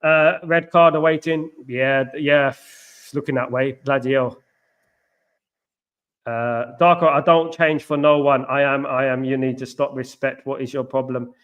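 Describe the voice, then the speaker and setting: A man's voice: mid-range voice, steady tone, unhurried, lo-fi sound. A man hosting a live football watchalong, chatting casually and reacting with exasperation while answering viewers. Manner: exasperated, talks to live chat. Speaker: watchalong host.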